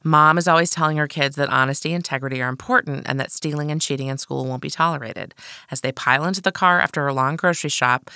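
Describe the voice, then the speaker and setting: A woman co-hosting a podcast in casual chat, summarizing a book and telling frank, self-mocking stories in an animated way. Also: sits low, fast, no echo, clean studio sound. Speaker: podcast co-host.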